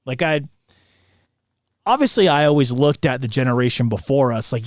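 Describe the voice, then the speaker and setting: A man hosting a podcast, telling a story in a relaxed, slangy way full of dude and bro. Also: medium pitch, moderate pace, no echo, studio quality. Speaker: podcast host. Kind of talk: casual storytelling chat.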